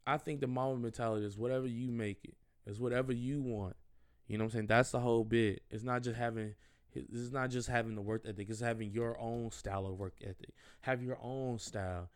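A man's voice: medium pitch, steady tone, a little fast, clear, resonant tone. A young man hosting a solo podcast, talking casually in an earnest, rambling way, full of slang and repeated phrases. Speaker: podcast host.

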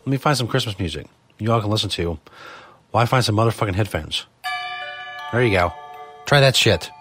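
A man hosting a live studio show, talking casually in a profane, exasperated ranting manner. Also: medium pitch. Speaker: podcast host.

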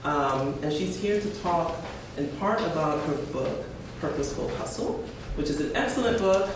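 A man from Brooklyn introduces the keynote speaker in a relaxed, halting way with plenty of fillers. His voice sits fairly high for a man, and he is picked up from far off. The cafe is very echoey, with audible room noise behind him. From Brooklyn, New York. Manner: relaxed, hesitant with many fillers. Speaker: event host introducing the speaker. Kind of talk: informal introduction. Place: cafe event space. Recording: distant mic, very echoey room with ambience.

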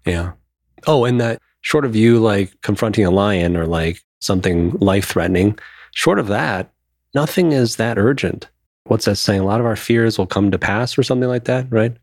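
A man's voice: lowish voice, normal speed, a little mellow, dry recording, clean studio sound. A man in his thirties, co-hosting a podcast, talking openly and emotionally in casual chat and swearing now and then. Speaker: podcast co-host.

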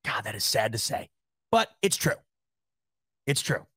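A man's voice: medium pitch, very animated, unhurried, pushed and bright, husky, dry recording, studio quality. A young man from the Rochester, New York area, hosting a casual sports talk show, rambling, correcting himself and swearing freely. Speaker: sports podcast host. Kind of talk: casual chat with live chat readers.

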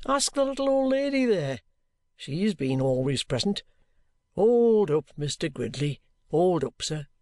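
A reader doing a shrewd, good-humoured detective who talks a weary old man round with bantering encouragement. The voice sits at a middling pitch, close and dry with no room sound, in an audiobook reading. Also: sing-song, a little slow, darkish tone, no room sound. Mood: coaxing. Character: shrewd, jovial middle-aged male detective.

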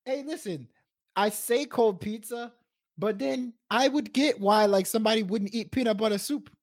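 A man's voice: sits high, moderate pace, dry recording, clean studio sound. A man co-hosting a podcast, joking and laughing often in casual banter. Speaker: podcast co-host.

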